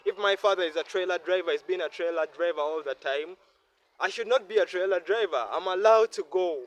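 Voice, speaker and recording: A Ugandan man with a Ugandan English accent speaks a little fast in a high voice, addressing his viewers in a reflective vlog monologue. He's earnest and repetitive, talking from the heart. The recording is dry, with faint ambient noise.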